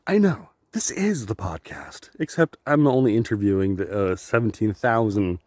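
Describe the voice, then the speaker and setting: A man's voice: on the low side, animated, normal speed, a little mellow, dry recording, clean studio sound. A man rambling through a joking, profane solo monologue, laughing often. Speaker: vlogger.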